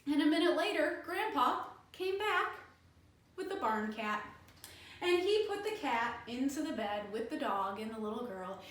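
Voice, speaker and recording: A woman librarian telling a folk tale for children, animated and inviting them to join in, in an echoey room from a distance. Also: sits high, moderate pace. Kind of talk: children's storytime narration.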